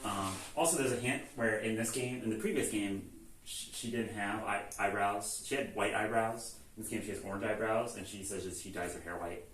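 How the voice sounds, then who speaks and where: A man's voice: fairly low pitch, fairly quick, fairly bright tone. Rambling man recapping, echoey room. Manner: rambling, lots of "like" and "um", swearing, acts out quotes. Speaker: host recapping a video game series. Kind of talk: casual storytelling recap. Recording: echoey room, far from mic, faint ambience.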